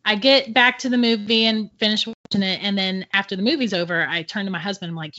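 Bright-voiced woman telling a ghost story. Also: medium pitch, fast talker, few pauses. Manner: animated, laughs often between sentences. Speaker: podcast guest. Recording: dull lo-fi audio.

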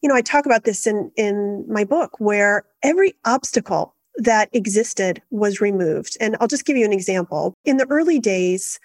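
A middle-aged woman, a guest in an interview, telling her story in an earnest, steady and reflective way. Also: mid-range voice, moderate pace, hardly any pauses, dry recording. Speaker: guest, activist founder.

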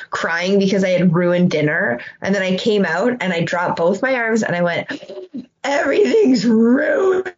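A young woman co-hosting a podcast in casual chat, animated and swearing freely as she acts out her own reactions. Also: fairly low pitch, muffled recording. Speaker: podcast co-host.

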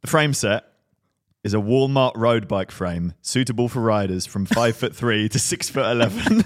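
A man's voice: mid-range voice, expressive, normal speed, dry recording, clean studio sound. Giggly, joking male podcast host. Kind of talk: casual chat.

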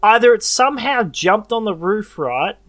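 A young man, co-hosting a casual podcast and telling a story with lively acted-out voices. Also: high-pitched, normal speed, no echo. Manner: animated storyteller, acts out voices and meows. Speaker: podcast co-host. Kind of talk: casual chat.

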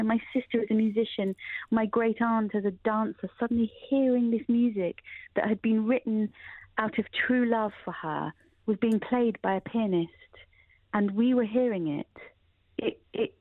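A middle-aged woman with a fairly high voice speaks as an interview guest, reflective, earnest, and emotional, often restarting her sentences. The sound is tinny and phone-like, dry with no room sound.

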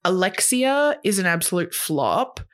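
A woman co-hosting a podcast, recapping pop culture in fast, gossipy casual chat. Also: fairly low pitch, very animated. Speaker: podcast co-host.

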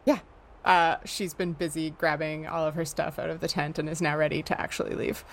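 A woman playing a tabletop game, describing her character's actions in a quick, upbeat way. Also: deep voice, flat delivery, vocal fry. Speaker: player.

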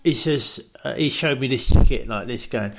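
A man's voice: medium pitch, normal speed, gravelly, a little hiss or hum. Rambling man telling a comic story. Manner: rambling anecdote, lots of "right?" and "I says". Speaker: comedy podcast co-host.

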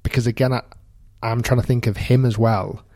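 A man's voice: mid-range voice, fairly even intonation, fairly quick, darkish tone. A man co-hosting a podcast in casual chat, thinking aloud and often restarting his sentences. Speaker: podcast co-host.

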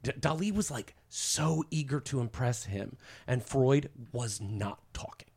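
A man's voice: mid-range voice, expressive, measured pace, vocal fry, a little mellow, husky. Rambling man in casual podcast chat. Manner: rambling, lots of fillers and restarts. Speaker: podcast guest explaining history.

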